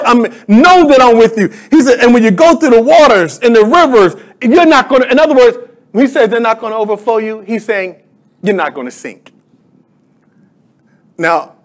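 A male pastor preaching a sermon, calling out to the congregation and rising into emphatic declarations. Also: fairly high pitch.

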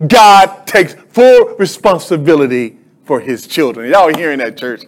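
A man's voice: sits high, takes it slowly. A male pastor preaching a sermon, calling out to the congregation and rising into emphatic declarations.

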